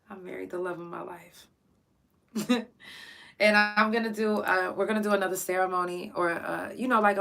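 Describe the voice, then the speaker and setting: A woman hosting her own podcast, talking in a casual, emotional monologue, swearing freely and close to tears. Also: medium pitch. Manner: profane, excitable, close to tears. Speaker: podcast host.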